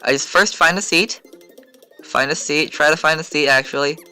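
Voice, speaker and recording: A man's voice: a little high, normal speed, sharp tone, clear, resonant tone, soft background music. A man casually commentating over his gameplay video, rambling and full of fillers. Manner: rambling, filler-heavy, chatty. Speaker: gaming channel host.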